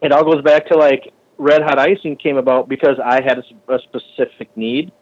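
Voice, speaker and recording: Animated, profane man on lo-fi audio. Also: brisk. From Minneapolis area. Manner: animated, profane, acts out other people's lines in a higher voice. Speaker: shop owner and bike builder. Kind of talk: casual podcast conversation.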